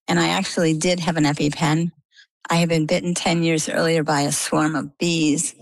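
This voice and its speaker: A middle-aged woman from Maine, a guest in an interview, telling her story in a lively, conversational way and acting out the quoted dialogue. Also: deep voice, creaky, dry recording, rough recording. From Maine, USA.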